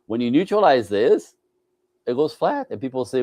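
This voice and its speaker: A man's voice: mid-range voice, very animated, moderate pace, a little mellow, no echo. Emphatic male relationship coach, dry sound. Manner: emphatic, repeats "right?", slips into mimicking voices. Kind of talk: animated interview talk.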